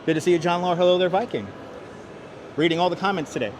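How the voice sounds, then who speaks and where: Fast-talking and high-voiced, a man runs an upbeat walking livestream across city streets and a large indoor station hall. He greets viewers by name as he goes through the chat. A wireless clip-on mic picks him up along with slight background noise.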